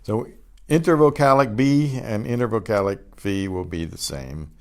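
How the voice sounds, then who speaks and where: A man teaching a Spanish pronunciation class. He says each word slowly and repeats it, and he often clears his throat. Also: fairly low pitch. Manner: models words slowly and repeats each one twice. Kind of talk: pronunciation lesson.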